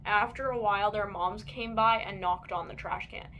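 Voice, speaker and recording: A woman reading children's picture books aloud with an expressive, lively delivery. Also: mid-range voice, normal speed, dull audio, slight background noise. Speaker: children's book reader.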